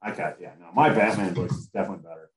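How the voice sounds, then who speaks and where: Male podcast host, animated and profane, roomy recording. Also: low voice, very fast. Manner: animated, excitable, swears freely. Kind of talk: casual chat. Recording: roomy echo.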